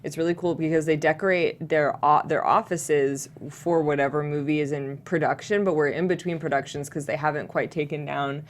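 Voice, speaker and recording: Low-voiced woman co-host. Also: steady tone, normal speed, few pauses. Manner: easygoing storytelling, laughing asides. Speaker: podcast co-host. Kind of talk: casual chat.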